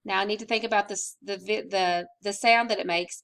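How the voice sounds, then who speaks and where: A woman teaching a recorded spelling lesson, patient and slow, stretching out vowel sounds. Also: mid-range voice, steady tone, gravelly, fairly bright tone.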